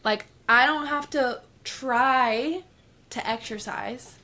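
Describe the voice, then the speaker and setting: Young woman doing a solo podcast, blunt, swears a lot, pitch a bit on the high side. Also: slow, bright, forceful tone. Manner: candid, swears often, acts out her past self. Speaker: podcast host. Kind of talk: casual solo podcast monologue.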